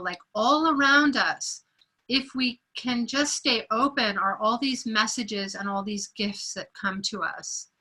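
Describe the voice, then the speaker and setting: A woman sharing a personal story in a group meeting, animated and acting out the voices of the people she quotes. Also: mid-range voice, poor audio. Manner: animated storyteller who acts out quoted voices and laughs often. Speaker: meeting participant.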